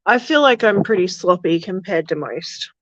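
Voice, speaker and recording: A woman's voice: lowish voice, expressive, normal speed, highs cut off, slight background noise. A woman streaming casually while tending her fish tanks, chatty and self-deprecating, cooing to her fish. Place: home room with fish tanks.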